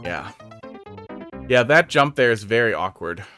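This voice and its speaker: A man's voice: lowish voice, expressive, a little slow, sharp tone. A man giving casual, sarcastic commentary while reviewing viewer-made game levels on a stream, over faint game music. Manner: sarcastic, jokey, chatty.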